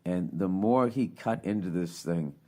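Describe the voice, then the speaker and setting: A man hosting a podcast, telling a profane, rambling comic story that swears constantly and climbs higher when he gets worked up. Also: a little slow, a little mellow. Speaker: podcast host.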